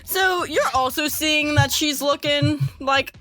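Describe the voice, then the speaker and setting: Bright-voiced woman running a tabletop game. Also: high voice, slow, soft background music. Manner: casual, swearing, laughing often. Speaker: game master.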